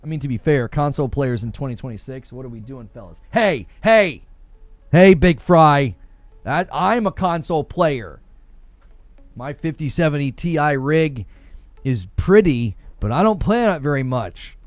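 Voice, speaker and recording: A man's voice: mid-range voice, lively intonation, moderate pace, darkish tone, no room sound, faint music behind. A young man hosting a gaming live stream, reading viewer comments aloud in a sarcastic, mocking way and laughing often. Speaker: gaming livestream host.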